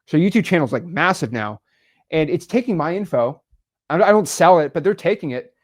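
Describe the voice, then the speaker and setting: A young man hosting a casual podcast chat, energetic and emphatic, full of slang. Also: a little high, a little fast. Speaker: podcast host, real estate investor.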